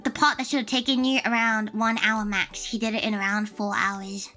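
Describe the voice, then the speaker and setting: A woman in her twenties from Australia, a VTuber telling a story in casual chat, animated and swearing freely. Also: normal speed, faint music behind. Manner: animated, swearing, mimics people in high voices. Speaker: VTuber streamer.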